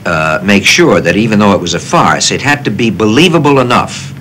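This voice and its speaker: A man in his sixties from the United States, telling stories in a casual interview with plenty of self-deprecating humor. His lowish voice moves a lot, bright and forceful in tone. A faint noise floor sits underneath. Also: fairly quick. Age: 60s. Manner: animated raconteur, self-deprecating. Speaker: actor guest.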